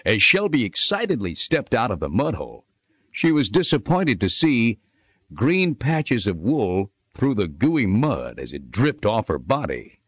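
A man reads a children's story aloud in a lower voice with a lively, rising and falling melody. His delivery is expressive and sing-song, recorded close and dry. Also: measured pace, slightly rough, no echo. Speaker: narrator.

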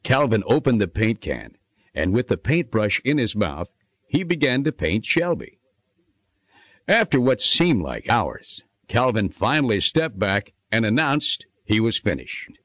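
A man reads a children's story aloud in a lower voice with a lively, rising and falling melody. His delivery is expressive and sing-song, recorded close and dry. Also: a little slow, dry recording. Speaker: narrator.

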